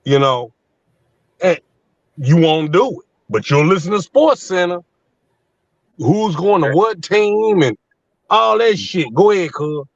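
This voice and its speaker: Man in his fifties, profane heated storytelling, higher voice, dry muffled lo-fi line. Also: animated, slow, pauses often, dry recording. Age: 50s. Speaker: panel guest. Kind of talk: casual live panel chat. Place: in a truck on the road. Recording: dull lo-fi line.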